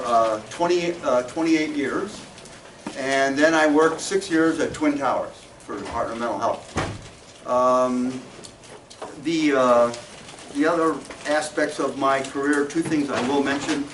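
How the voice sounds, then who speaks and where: A man in his seventies giving a talk to an audience as a guest speaker, halting and often restarting his sentences. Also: mid-range voice. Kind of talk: lecture to an audience. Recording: distant, echoey, with room noise.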